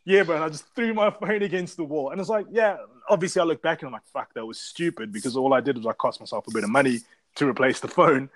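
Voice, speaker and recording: A man's voice: fairly high pitch, fast, no echo. Rambling man, dry mic. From South Africa. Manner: rambling, profane storytelling. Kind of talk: casual chat.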